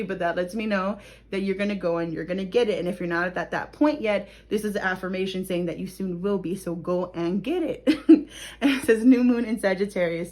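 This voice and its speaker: A young woman talks through a tarot card reading in a relaxed, chatty way. She laughs often and keeps checking in with her listeners. Her pitch sits in a middle range. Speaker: tarot reader. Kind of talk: casual tarot reading to camera.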